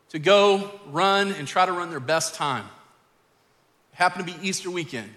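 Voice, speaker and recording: Middle-aged male pastor, earnest sermon storyteller, slightly high bright voice, church hall reverb. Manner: earnest, rising to emphatic exhortation. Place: church sanctuary.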